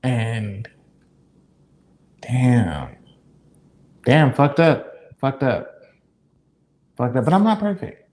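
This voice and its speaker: A man's voice: medium pitch, big pitch swings, very slow, long pauses, a little mellow. A man co-hosting a podcast, talking in an earnest, reflective way and swearing now and then. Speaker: podcast co-host. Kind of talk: candid casual chat.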